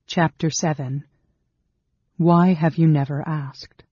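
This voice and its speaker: Brief: male narrator, measured scripted reading, husky tone, dead-dry booth. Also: fairly high pitch, steady tone, warm tone, no room sound. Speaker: audiobook narrator. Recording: dull, dry studio sound.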